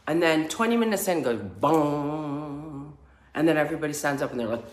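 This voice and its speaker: A woman, a spiritual healer, telling a personal story in a casual, animated way, acting out screams and chants between many fillers. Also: low-pitched, moderate pace. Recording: roomy echo.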